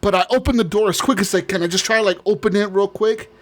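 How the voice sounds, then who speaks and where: A man with a slightly higher voice tells a long story on a casual podcast. He rambles, swears freely and often breaks into laughter. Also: fast. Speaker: podcast co-host.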